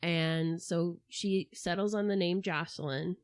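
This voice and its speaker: A woman co-hosting a casual true-crime podcast, talking in an animated way with mocking asides about the people in the case. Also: on the low side, a little slow, no echo. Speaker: podcast co-host.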